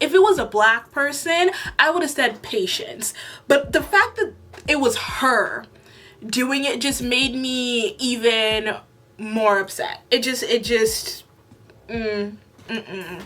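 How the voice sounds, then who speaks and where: A woman's voice: fairly high pitch, bright, forceful tone. A young woman in casual commentary, blunt and exasperated, swearing freely as she calls someone out. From lives in Toronto, Canada. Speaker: YouTube commentator. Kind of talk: casual commentary rant to camera.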